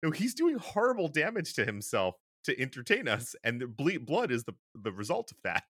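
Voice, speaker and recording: Podcast co-host, thirties man, animated and laughing, bouncy pitch. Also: moderate pace, no echo, clean studio sound. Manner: animated, laughing, restarts often. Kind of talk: casual chat.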